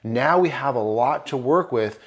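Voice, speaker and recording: Man, mid-pitched voice, relationship coach, calm, reassuring, explanatory. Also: normal speed. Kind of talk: advice talk to men.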